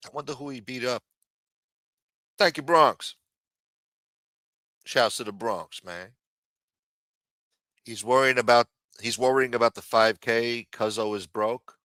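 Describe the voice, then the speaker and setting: A man's voice: medium pitch, measured pace, pauses often, fairly bright tone, dry recording, clean studio sound. A man hosting a live commentary stream, sarcastic, profane and mocking as he talks. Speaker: livestream host.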